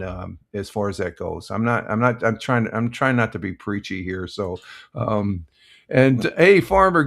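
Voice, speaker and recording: An older American man hosting a casual live stream, rambling with many restarts and giving blunt opinions while reading viewer comments. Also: medium pitch. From United States.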